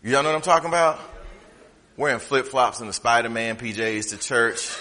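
A man preaching a humorous, conversational sermon from the pulpit, swinging from loud to hushed. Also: medium pitch, normal speed, big-room sound, slight background noise. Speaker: pastor. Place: church sanctuary.

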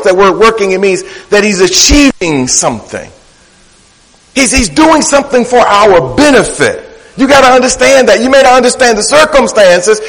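A man's voice: fairly high pitch, fairly bright tone, long reverb tail, rough recording. A man preaching a sermon, with a rhythmic, playful preacherly delivery that repeats words for emphasis. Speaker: pastor. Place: church.

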